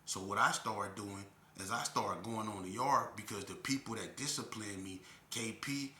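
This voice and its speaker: A man's voice: on the low side, moderate pace, roomy sound. A man telling a story in casual chat and acting out the people he quotes. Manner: animated, acts out quotes loudly. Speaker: storyteller guest.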